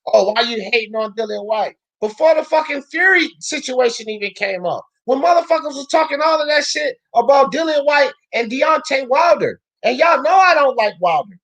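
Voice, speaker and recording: This female talk-show host rips into boxing in a loud, profane rant, repeatedly breaking into shouts. Pitched slightly high for a woman, she talks at normal speed with lively intonation and barely any pauses, driven by fierce, unrelenting conviction.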